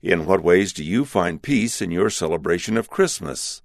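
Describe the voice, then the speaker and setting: A man giving a measured scripted reading of letters and questions. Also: low voice, expressive, creaky, dry recording, clean studio sound.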